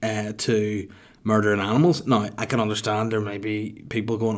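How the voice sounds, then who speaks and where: A man's voice: on the low side, flat delivery, moderate pace. A young man with a Northern Irish accent rambling profanely through a casual podcast monologue. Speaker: podcast host.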